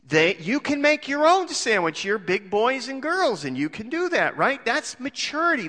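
A man's voice: sits high, pushed and bright, long reverb tail. A male pastor preaching a sermon in a conversational way, full of rhetorical questions and homely jokes.

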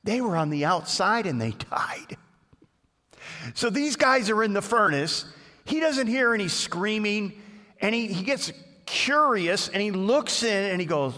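A male pastor preaching a sermon in a loose, conversational storytelling manner that grows animated. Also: high-pitched, a little slow. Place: church. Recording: reverberant church hall.

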